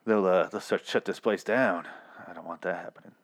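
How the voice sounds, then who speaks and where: Rambling, joking young man, slightly low voice, casual solo recap. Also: fairly quick. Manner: rambling, joking, acts out characters in mocking voices. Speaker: podcast host recapping a TV episode.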